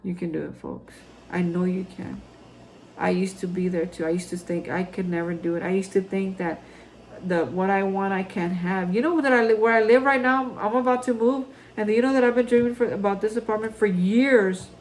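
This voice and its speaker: A man giving a heartfelt daily reflection to viewers, rambling with restarts and ending in earnest, hushed encouragement. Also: high voice, fairly even intonation, brisk, a little hiss or hum, poor audio. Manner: rambling, repeats and restarts, addresses viewers as folks. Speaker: recovery vlogger.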